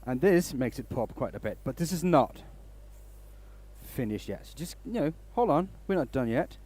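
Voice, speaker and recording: A man's voice: medium pitch, big pitch swings, moderate pace, a little mellow, slightly rough. A man hosting a woodturning live stream in a workshop, chatting casually and rambling through stories.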